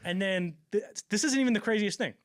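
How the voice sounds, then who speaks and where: A man hosting a podcast, telling stories in a casual, animated way with lots of swearing and restarts. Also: high voice, quick pace, no room sound, clean studio sound. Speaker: podcast host. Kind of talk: casual storytelling chat.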